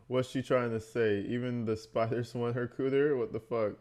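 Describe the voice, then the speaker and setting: A man's voice: mid-range voice, fairly even intonation, moderate pace, a little mellow. A man giving blunt, profane reaction commentary, mocking what he hears and laughing often. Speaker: online commentator reacting to recordings.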